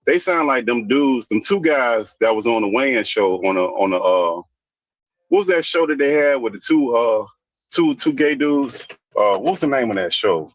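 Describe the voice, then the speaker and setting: Blunt ranting man, husky voice. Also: medium pitch, lively intonation, normal speed, dry recording, low-quality recording. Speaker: commentator. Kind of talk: opinionated casual commentary.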